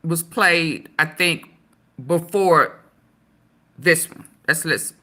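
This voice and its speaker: Low, slow-talking woman commentator. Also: sharp tone. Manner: addresses viewers directly, pauses the clip to explain. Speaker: commentator reacting to a played clip. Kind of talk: casual commentary.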